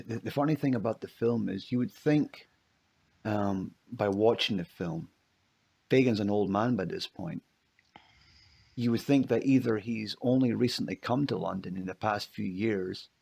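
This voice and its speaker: Gravelly, husky male podcast co-host. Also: lowish voice, a little mellow. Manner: asks curious questions. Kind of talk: casual film discussion.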